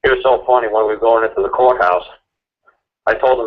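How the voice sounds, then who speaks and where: A man ranting and arguing in a repetitive, mocking way as a guest on a call-in talk show. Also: lowish voice. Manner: rapid, repetitive, mocking, argumentative. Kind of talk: impassioned ranting chat. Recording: tinny phone line.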